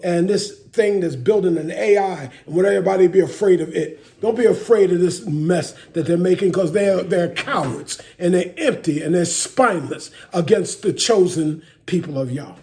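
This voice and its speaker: Gravelly high-voiced male preacher. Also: moderate pace, hardly any pauses, a little mellow. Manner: emphatic preaching with calls and laughter. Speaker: pastor. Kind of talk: sermon.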